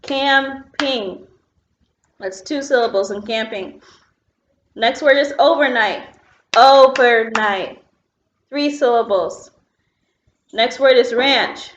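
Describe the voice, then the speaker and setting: She's a woman teacher with a fairly high pitch, speaking at a measured pace with long pauses as she patiently takes an online phonics class through each step, writing on a board and saying "um" now and then. Slight background noise sits in a roomy, dull, lo-fi classroom sound.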